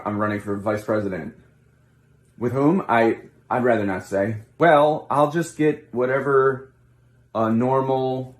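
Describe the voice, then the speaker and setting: A man playing a weary, awkward male politician in a comedy sketch, halting and mock-cheerful with despairing asides. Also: medium pitch, natural voice. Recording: roomy echo.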